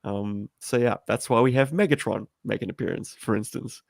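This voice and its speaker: Gravelly low-voiced man on a call. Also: no echo, clean studio sound. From South Africa. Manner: rambling, self-deprecating, halting with fillers. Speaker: amateur filmmaker guest. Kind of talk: livestream discussion. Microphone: video call.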